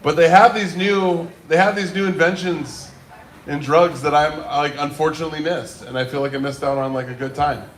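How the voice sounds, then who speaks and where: A man's voice: fairly high pitch, fairly even intonation, normal speed, slight background noise. Bantering male open mic emcee. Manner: joking banter, playful crowd work. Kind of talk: emceeing between comedy sets. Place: small bar and coffee venue. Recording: echoey live room.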